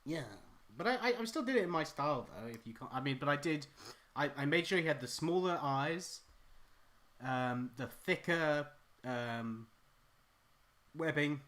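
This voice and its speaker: A man's voice: a little high, expressive, measured pace, long pauses, fairly bright tone. Dry-joking man on a drawing stream. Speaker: comic artist streaming his drawing. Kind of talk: casual live-stream chat.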